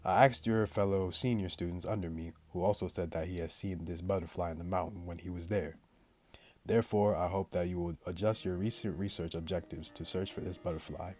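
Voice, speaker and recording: A man with a very low voice reads the story text of a visual novel out loud, line by line. He stops now and then to toss slangy remarks to his viewers, and faint game music plays underneath. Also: steady tone, a little fast. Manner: plain read-aloud, breaks off into slangy chat to viewers. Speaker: gaming channel host. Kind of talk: reading visual novel text aloud with casual asides.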